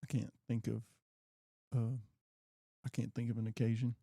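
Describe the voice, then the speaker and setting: A man co-hosting a casual chat beside his wife. He is laid-back and drops in quick asides. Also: mid-range voice, little pitch movement, gravelly, dark tone, no echo, clean studio sound. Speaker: co-host, husband.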